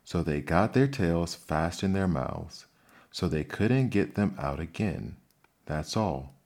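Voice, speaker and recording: Solemn gryphon explaining stuff, low-voiced man doing it, bedtime storybook. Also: animated, slow, a little mellow, full character voice. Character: solemn, matter-of-fact male Gryphon. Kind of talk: ASMR bedtime story reading.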